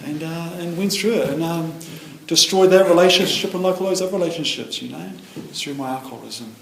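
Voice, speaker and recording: A man's voice: on the high side, fairly quick, vocal fry, slight background noise. A middle-aged man giving a rambling, earnest personal share at a recovery meeting, leaning on "you know" throughout. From New Zealand. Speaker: AA meeting speaker. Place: meeting room. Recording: roomy meeting hall with faint ambience.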